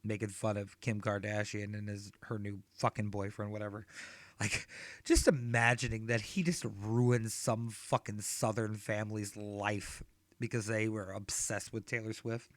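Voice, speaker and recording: A man's voice: lowish voice, steady tone, measured pace, no echo. A man in his thirties doing a stand-up set, telling rambling, profane stories. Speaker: stand-up comedian.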